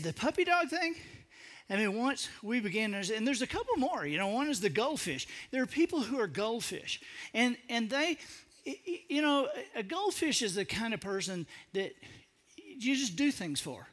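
An animated man speaks to an audience in a high, bright, lively voice, telling a comic story at his own expense. His pitch leaps around and his speech is colloquial. He often stammers and restarts mid-sentence. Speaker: public speaker. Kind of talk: humorous storytelling talk to an audience.

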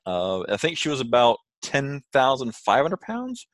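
A man telling a story in casual chat with animated delivery, acting out quotes. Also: medium pitch, a little slow, no echo. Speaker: co-host, sailor.

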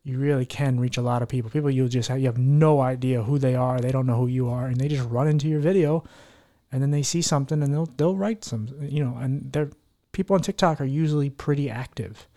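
A man's voice: medium pitch, fairly even intonation, a little fast, dark tone. A man hosting a podcast in casual chat, talking in an earnest, heartfelt, rambling way. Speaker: podcast host.

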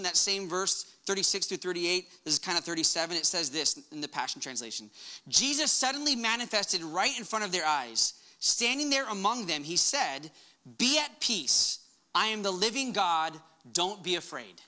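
An impassioned sermon rings through a church hall as a pastor addresses his congregation in a high, sharp voice, getting louder when he quotes commands.

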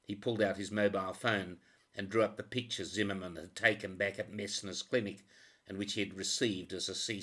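Low bright male voice reading a crime story, steady and even. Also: slightly rough. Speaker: narrator. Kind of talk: audiobook narration.

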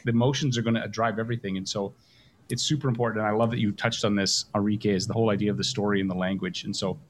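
A man's voice: on the low side, fairly even intonation, racing, slight background noise. A man hosting a coaching call, talking with energy and emphasis and acting out example phrases. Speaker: coach and host.

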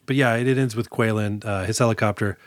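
A man's voice: fairly low pitch, fairly even intonation, fast talker, no echo, studio quality. A man co-hosting a casual podcast, joking around and acting out movie lines. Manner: jokey, acts out movie quotes with laughs. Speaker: podcast co-host. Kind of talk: casual chat.

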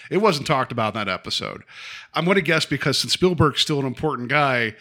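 A man's voice: mid-range voice, animated, brisk, bright, forceful tone. A man hosting a podcast, chatting casually about a film in a rambling way with many fillers. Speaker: podcast host.

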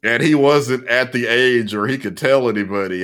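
A man's voice: medium pitch, fairly quick, hardly any pauses, fairly bright tone. Man explaining things on a podcast. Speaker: podcast co-host. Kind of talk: casual chat.

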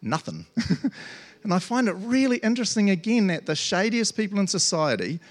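A man preaching a casual, playful sermon, chatty and acting out quotes with sudden loud outbursts. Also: high-pitched, big pitch swings, brisk. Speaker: pastor.

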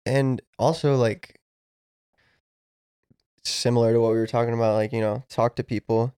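A man's voice: medium pitch, fairly even intonation, moderate pace, warm tone, smooth, no room sound, studio quality. A man co-hosting a podcast, chatting casually and swearing freely. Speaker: podcast co-host. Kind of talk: casual chat.

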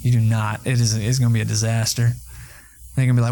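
A male pastor, preaching a conversational sermon and telling a story with lively asides to the congregation. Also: mid-range voice, brisk.

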